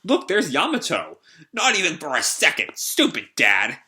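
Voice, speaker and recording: Guy doing a defiant young fighter scolding people, a bit high. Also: wildly swooping pitch, moderate pace, bright, forceful tone, exaggerated voice.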